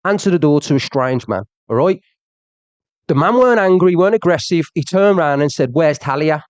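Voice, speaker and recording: A man delivers a heated livestream rant, jabbing at someone he calls out and circling back to the same points again and again. His voice sits a touch high for a man, and the sound is close and dry with no room around it. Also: lively intonation, a little fast, darkish tone, clean tone, no room sound. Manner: confrontational, repeats himself, addresses the viewer directly.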